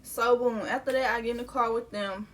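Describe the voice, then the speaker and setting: A woman's voice: fairly high pitch, fairly even intonation, a little fast, a little hiss or hum. A young adult woman telling a personal story in a casual, candid way, full of slang and swearing. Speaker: vlogger.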